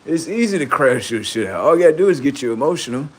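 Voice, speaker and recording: Profane, animated man ranting on a livestream. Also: mid-range voice, fast. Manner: profane, boastful, laughing, acts out quoted voices. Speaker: livestream host. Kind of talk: rambling livestream monologue.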